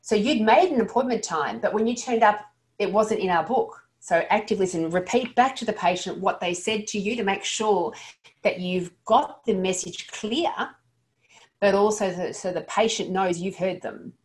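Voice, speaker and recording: A woman's voice: mid-range voice, moderate pace. A woman giving an earnest, practical lesson to dental practice staff, sometimes stumbling and restarting her sentences. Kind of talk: instructional talk to dental staff.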